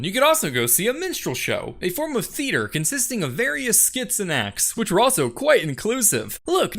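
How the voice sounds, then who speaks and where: A young man narrating an animated comedy in a dry, sardonic way. His voice is bright and lively, bouncing through a wide pitch range.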